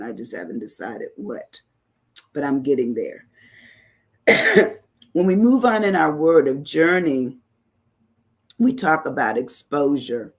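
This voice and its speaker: A woman's voice: extremely low pitch, big pitch swings, a little slow, pauses often, slightly rough. A woman hosting an online talk show, chatting casually and reflectively as she reads viewer comments aloud, with many "you know" asides.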